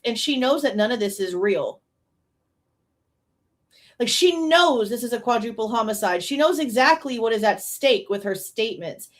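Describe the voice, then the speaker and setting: A woman hosting a true crime reaction show, talking casually in an animated, incredulous way, with slang and frequent laughs. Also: fairly high pitch. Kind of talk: casual commentary.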